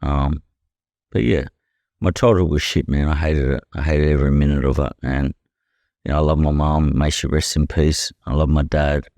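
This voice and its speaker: A young Australian professional boxer, guesting on a podcast, shares his story candidly in plain, blunt, profane language, tacking "you know" onto most phrases. His very deep, low-pitched voice has a dark, mellow, steady tone at normal speed. The recording is dry and close, with no room sound.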